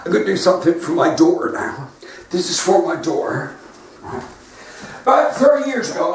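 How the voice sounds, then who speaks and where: Lively West Country comedian, roomy sound. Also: male voice, high-pitched. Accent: West Country English. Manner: chatty, joke-telling storyteller. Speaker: stand-up comedian. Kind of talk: live stand-up from home. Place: front room at home. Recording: roomy sound from a distant mic.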